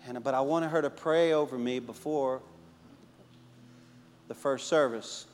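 A man who pastors a church, preaching a sermon and telling stories, swinging between emphatic and hushed delivery. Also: medium pitch, unhurried, long reverb tail, a little hiss or hum. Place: church sanctuary.

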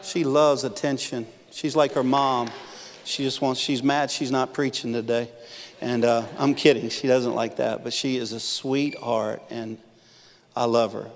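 A man's voice: medium pitch, steady tone, measured pace. A middle-aged man preaching a sermon as pastor, telling stories with humor and acting out quoted lines. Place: church auditorium. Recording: long reverb of a church hall.

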